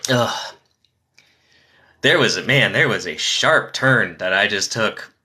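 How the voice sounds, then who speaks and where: A man on a casual live stream, reading dad jokes in quick succession and chatting with viewers between them. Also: on the low side, lively intonation, sharp tone, slightly rough. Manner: rapid-fire jokes with chatty asides to viewers.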